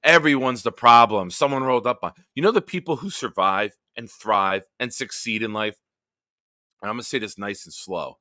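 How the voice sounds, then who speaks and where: A man's voice: fairly low pitch, expressive, normal speed, sharp tone, no echo, clean studio sound. A man hosting a live-stream sports chat, ranting profanely and heatedly, then chatting with viewers. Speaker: host.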